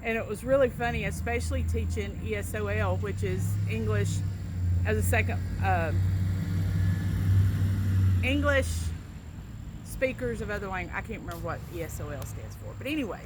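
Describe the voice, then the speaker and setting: A woman's voice: mid-range voice, normal speed, pauses often, heavy background noise. A woman with a Southern US accent, chatting casually and telling stories with a laugh. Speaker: vlogger doing an accent tag. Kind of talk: casual chat.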